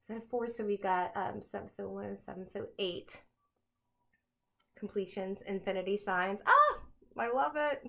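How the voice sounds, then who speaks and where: A young woman giving a casual tarot reading to camera at home, chatty and excitable, laughing often. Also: medium pitch, moderate pace, creaky. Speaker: tarot reader.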